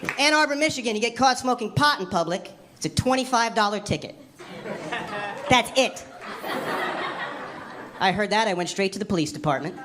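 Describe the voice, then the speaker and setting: A woman doing a stand-up comedy set on a club stage, wry and animated, jumping into squealy voices for the people she quotes. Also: mid-range voice, normal speed, long pauses, background noise. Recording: live club recording with crowd laughter. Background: audience laughing.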